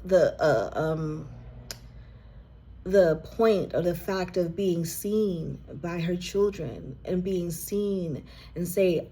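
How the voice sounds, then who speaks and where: A woman with a low, mellow, slightly husky voice gives an emotional reading to the viewer. She talks slowly and earnestly, addressing "you" directly. At times she is moved close to tears. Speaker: intuitive card reader.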